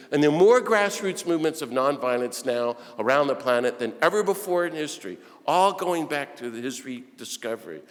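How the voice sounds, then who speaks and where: A man's voice: mid-range voice, lively intonation, brisk, few pauses. Impassioned man preaching in a reverberant hall. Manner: impassioned, rhetorical questions, swings from hushed to loud. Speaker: speaker addressing Christian peacemakers. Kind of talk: preaching talk on nonviolence. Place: large hall with audience.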